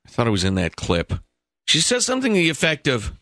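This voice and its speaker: A man's voice: on the high side, wildly swooping pitch, fast, sharp tone, no echo, studio quality. A man co-hosting a radio talk show, sarcastic and exasperated, mocking what he hears in opinionated banter.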